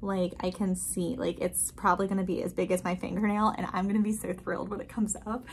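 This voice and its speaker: A woman giving a casual, chatty tour of her houseplants, gushing and excited, full of filler words. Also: medium pitch, quick pace, slight background noise. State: a bit out of breath. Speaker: plant vlogger. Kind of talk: casual plant tour vlog. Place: indoors at a grow tent.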